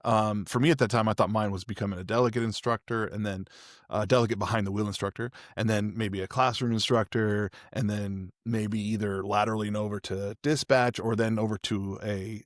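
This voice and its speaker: Studio quality with no echo, this clip has a fairly low-pitched man hosting a podcast. His casual personal story is candid and rambling, full of restarts.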